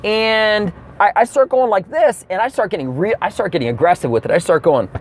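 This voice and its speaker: A man's voice: high-pitched, fairly quick, a little hiss or hum. A man telling a comedic rant from his car, acting out the people in his story. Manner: animated storytelling with acted-out quotes.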